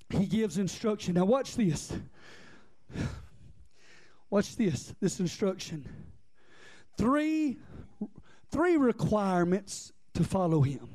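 A man with a strikingly high voice delivers a fervent sermon. He builds momentum through repetition, rising into shouts and pulling the congregation in with direct questions. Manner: impassioned, rhythmic repetition, bursts into shouting. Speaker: preacher.

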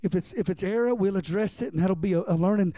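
A pastor with a high, mellow voice gives a sermon, talking conversationally, repeating key lines and checking in with the congregation. He speaks fast. The recording is dry and close, with no echo.

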